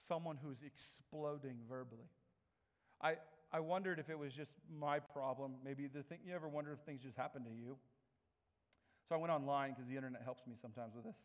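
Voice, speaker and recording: A man giving an animated storytelling talk with laughing asides. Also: medium pitch, fairly quick, long reverb tail. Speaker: speaker.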